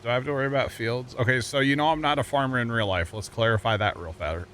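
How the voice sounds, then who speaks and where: Quick and a bit bright at a medium pitch, this American livestreamer plays a farming game and talks casually with his audience. He rambles, jokes, and laughs often at his own puns, with slight background noise behind him.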